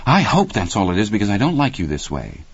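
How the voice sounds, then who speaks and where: A man's voice: lowish voice, huge pitch swings, fast, husky, no room sound, muffled recording, pitched above the performer's own voice, full character voice. A man voicing a worried wife, her questions raised and pleading. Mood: alarmed. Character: worried wife, woman, adult.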